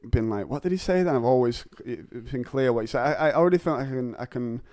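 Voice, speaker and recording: A man's voice: medium pitch, darkish tone, no echo, studio quality. A man with a Northern English accent hosting a casual podcast chat, joking and restarting his words often. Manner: jokey, quick restarts and repeated words. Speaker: podcast host.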